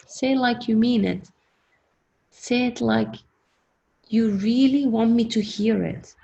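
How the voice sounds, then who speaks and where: A woman leading a workshop through a guided self-hypnosis exercise, coaching in a gentle, encouraging, repetitive way. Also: on the high side, slow, gravelly, lo-fi sound. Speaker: workshop leader.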